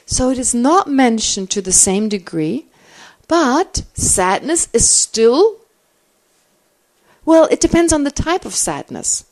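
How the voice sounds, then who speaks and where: A middle-aged woman, a Buddhist teacher, answering questions in a teaching, thinking aloud with animated restarts. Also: on the high side, slow pace.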